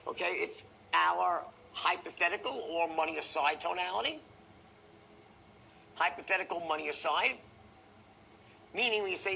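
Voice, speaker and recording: A man teaching a sales seminar in an animated way, showing different tones with his voice and checking in with the audience. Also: high-pitched, normal speed, creaky, a little hiss or hum, poor audio. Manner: talks to the audience directly, asks okay and right. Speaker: sales trainer.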